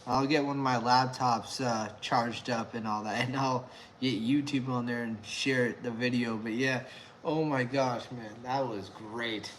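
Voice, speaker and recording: A man chatting casually on a live stream at home, excitable and rambling, laughing often. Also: medium pitch, unhurried, a little hiss or hum. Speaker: beer review vlogger.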